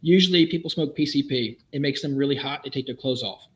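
A man's voice: medium pitch, a bit bright, low-quality recording. A middle-aged man, a former police officer, tells wry and vivid stories of the job in a conversation. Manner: brisk, vivid, wry storyteller. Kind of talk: anecdotal storytelling in a conversation.

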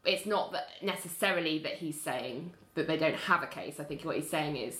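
A woman, co-hosting a casual podcast, recapping a TV episode in an animated way and acting out the characters' lines. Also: low voice, moderate pace, few pauses, roomy sound. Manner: animated storyteller who acts out characters' lines. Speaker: podcast co-host.

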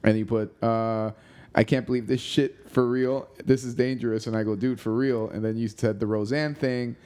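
A man's voice: medium pitch, fairly even intonation, moderate pace, darkish tone. A man chatting casually as host, easygoing, swearing now and then and often saying "you know.". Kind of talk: casual chat.

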